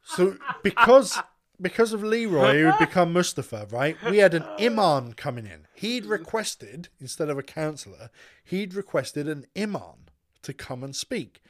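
A man's voice: a little high, lively intonation, moderate pace. Profane man spinning a story. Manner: rambling, profane storytelling with asides. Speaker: podcast co-host telling a story. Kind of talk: casual chat.

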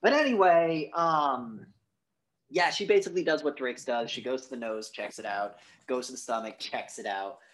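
Man, podcast co-host, casual movie recap, rambling, profane, mid pitch. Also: moderate pace, a bit bright. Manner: rambling, profane, acts out lines in high voices.

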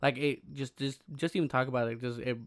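A young American man in casual podcast chat, swearing freely and getting heated fast. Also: medium pitch, steady tone, no room sound, studio quality. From United States. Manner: profane, quickly heated. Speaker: podcast co-host.

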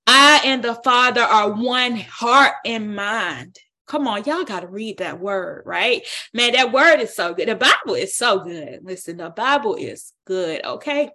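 A woman leading a Bible study, preaching with a lively exhorting style and colloquial speech. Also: a little high, a little slow. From United States. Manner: exhorting, call-and-response, colloquial.

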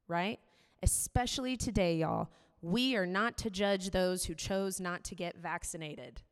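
Woman giving a chatty sermon, kinda low voice, big echoey hall. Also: unhurried, clear, resonant tone. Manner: conversational, candid, many "like" fillers. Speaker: preacher. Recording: long reverb of a hall.

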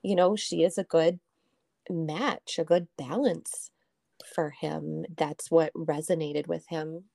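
A woman talking over a film with friends, slow and unhurried. Her voice sits a little low as she thinks her points through. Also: steady tone, vocal fry, warm tone. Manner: thoughtful, laughs easily. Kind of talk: casual film discussion.

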